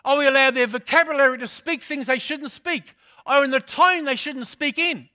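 High, bright-voiced older preacher. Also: male voice, moderate pace. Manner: storytelling, repeats phrases for emphasis. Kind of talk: sermon.

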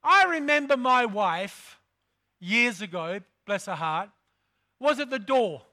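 A man preaching a sermon, emphatic and fond of repeating his phrases. His voice sits high and rings bright and forceful as he calls out to his congregation. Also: expressive, slow. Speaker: pastor.

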